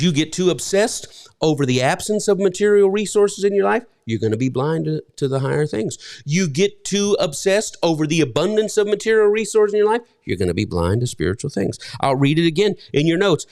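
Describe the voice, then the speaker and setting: High-voiced man preaching a sermon. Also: a little mellow. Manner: conversational, repetitive preaching with restarts. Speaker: pastor.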